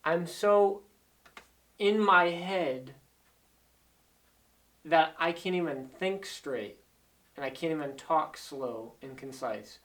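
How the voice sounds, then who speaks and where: A man talks as a life coach, earnest and insistent, circling back to repeat his main points. His voice sits fairly high for a man. He sounds a little distant, as if set back from the microphone. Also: slow, pauses often, fairly bright tone. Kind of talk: motivational talk to camera.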